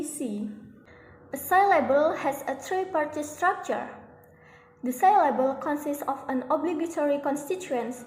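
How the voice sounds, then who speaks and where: A young woman student reading a class presentation slowly and carefully, with a few restarts. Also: high voice, a little hiss or hum. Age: young adult. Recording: echoey room with long reverb.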